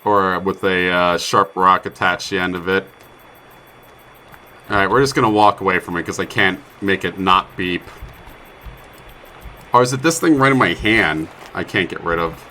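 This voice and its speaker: Young guy doing let's play commentary, bright edgy tone, goofy asides and startled yelps. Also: deep voice, moderate pace, long pauses, a little hiss or hum. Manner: chatty, self-mocking, bursts of startled exclamations. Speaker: streamer playing a survival game.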